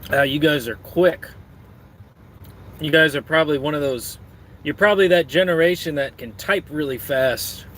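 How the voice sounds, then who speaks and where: Streamer type, man, rambling and crude, joking with chat, a bit high-pitched. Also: normal speed, a bit bright, a little hiss or hum.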